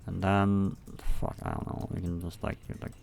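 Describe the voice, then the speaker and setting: A young man with a low, gravelly voice talks to himself while building a game level, rambling and cursing casually. Faint hiss and keyboard typing sit behind him. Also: normal speed. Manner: rambling, profane, self-talking. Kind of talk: casual thinking aloud while working.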